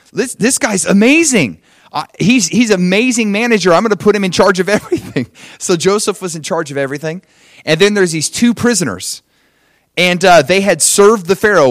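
A male pastor with a fairly high voice, preaching in a lively, storytelling way and slipping into quoted voices. The sound is close and dry, with little room. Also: no room sound. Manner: animated storytelling with acted quotes. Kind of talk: sermon.

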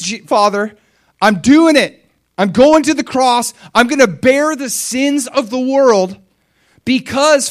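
A man's voice: medium pitch, warm tone, husky. A man voicing Jesus as a fervent young man pleading in prayer and crying out to God.

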